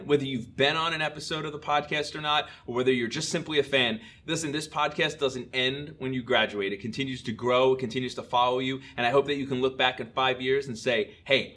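A man's voice: mid-range voice, a bit bright. Upbeat man hosting a school podcast. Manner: upbeat, earnest and playful. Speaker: middle school teacher and podcast host. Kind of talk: podcast intro and shout-outs.

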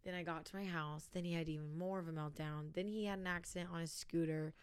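A woman's voice: fairly low pitch, fairly even intonation, fast, clean tone, no echo. Tired young woman rambling through a story. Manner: rambling, run-on storytelling with many "like"s. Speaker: podcast co-host. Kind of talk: casual chat.

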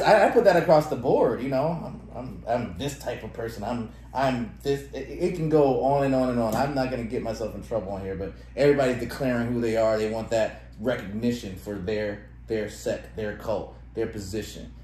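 A man's voice: medium pitch, a little fast, few pauses, a little mellow. A man co-hosting a podcast, chatting casually and laughing often as he reads phrases aloud. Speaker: podcast co-host. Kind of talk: casual chat. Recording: echoey room with faint noise.

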